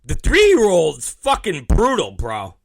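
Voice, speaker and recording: A man in his fifties hosting a podcast, telling rambling, profane stories in a casual, animated way. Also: sits high, slow pace, creaky, no room sound. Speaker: podcast host. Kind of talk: casual storytelling monologue.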